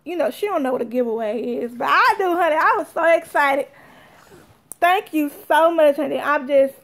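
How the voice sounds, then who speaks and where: A woman tells her viewers a story, animated and talkative, calling them y'all. Her voice sits high for a woman. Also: moderate pace. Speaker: vlogger.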